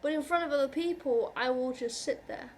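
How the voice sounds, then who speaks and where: A woman vlogger talking to camera in an earnest, reassuring way, halting and restarting often as she speaks from the heart. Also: sits high. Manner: heartfelt, openly emotional. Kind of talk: personal talk to camera.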